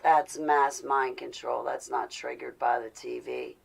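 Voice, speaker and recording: Gravelly-voiced woman venting to viewers. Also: very deep voice, steady tone, measured pace, rough recording. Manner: intense, confessional, rising to indignant. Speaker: vlogger speaking to live viewers. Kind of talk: casual live-stream talk.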